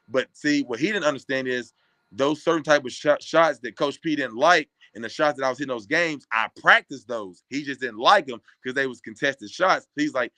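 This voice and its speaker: Bright-voiced man telling lively stories. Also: medium pitch, a little fast, dry recording. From Kentucky. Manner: animated, acts out other people's lines. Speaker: former college basketball player, guest. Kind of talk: casual storytelling. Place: podcast studio.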